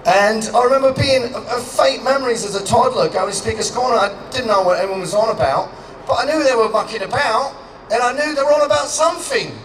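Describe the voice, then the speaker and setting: A man from Canada giving a crude, joking outdoor rally speech, shouting to a crowd. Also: extremely high pitch, fairly quick. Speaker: public speaker. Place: outdoor public gathering. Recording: echoey and distant, faint background noise.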